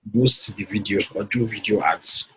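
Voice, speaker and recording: A man's voice: on the low side, steady tone, a little slow, bright, forceful tone, husky, poor audio. A man coaching a client on a call, persuasive and often checking that she follows. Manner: persuasive, repeats himself, checks for understanding. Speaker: business coach.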